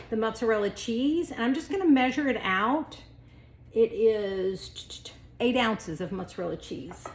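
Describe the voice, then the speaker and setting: A woman's voice: fairly high pitch, slight background noise. A woman chatting casually while preparing food in her home kitchen, lighthearted and laughing easily, saying "y'all.". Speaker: vlogger and wellness coach.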